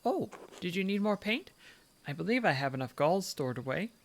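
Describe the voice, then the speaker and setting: A man's voice: sits high, big pitch swings, moderate pace, vocal fry, slight background noise, pitched above the performer's own voice, exaggerated voice. A man voicing a kindly, sly elderly nun in a put-on British accent with a little cockney in it, as he reads game dialogue aloud.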